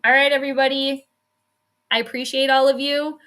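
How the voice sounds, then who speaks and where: A woman's voice: high-pitched, little pitch movement, a little fast, fairly bright tone. A woman casually chatting at home on her live stream, laughing often and saying "like" a lot. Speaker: sports astrology streamer. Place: home workspace.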